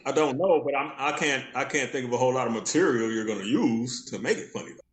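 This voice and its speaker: A man's voice: mid-range voice, fast talker. Joking man in casual chat. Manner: joking, laughs often. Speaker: podcast co-host.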